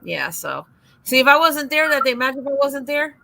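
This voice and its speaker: Chatty woman host, fast and bright, acts out the voices in her stories. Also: high-pitched, vocal fry. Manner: animated storyteller, acts out quoted dialogue. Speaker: livestream host. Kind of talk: casual chat.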